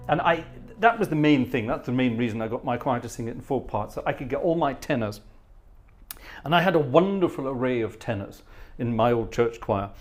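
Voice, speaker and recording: A middle-aged man, an organist and former choir director, chatting casually and telling stories during a live stream, sometimes humming parts and mimicking voices. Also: medium pitch.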